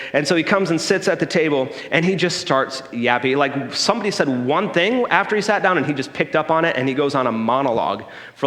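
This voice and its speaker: A man preaches in a conversational way, telling a story and checking in with the congregation as he goes. His voice sits a little high for a man, and it rings out with a long church-hall reverb. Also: pushed and bright. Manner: conversational, checks in with the room by asking "okay?". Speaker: pastor. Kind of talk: sermon with personal story. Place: church sanctuary.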